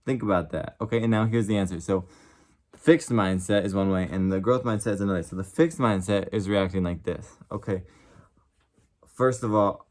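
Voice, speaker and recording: A man's voice: fairly low pitch, moderate pace. A young man vlogging in a casual, rambling way, earnest and passionate, with lots of "like" fillers. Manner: rambling, heavy use of "like". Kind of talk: casual talk to camera.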